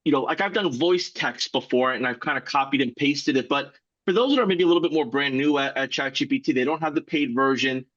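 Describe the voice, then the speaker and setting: A man asking the presenter a question during a live workshop, halting and repeating words as he goes. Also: mid-range voice, a bit bright, no room sound. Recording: dull, dry sound.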